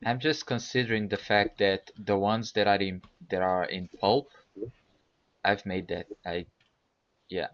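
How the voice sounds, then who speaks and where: Deep slow-talking man player. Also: flat delivery, no echo, dull audio. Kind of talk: casual tabletop game chat.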